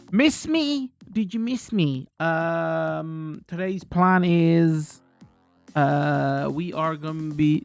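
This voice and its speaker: A game streamer with a fairly high, creaky voice chats loosely with his viewers in a casual live-stream, ranting and swearing frankly.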